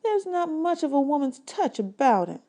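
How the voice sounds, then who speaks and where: A kind, fussing motherly woman from a storybook, as a woman reader puts her on, scolding one moment and doting the next. Her voice sits a little above the reader's own, soft and mellow in tone. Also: sits high, big pitch swings, moderate pace, voice pushed up. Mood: indignant. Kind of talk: storybook read-aloud.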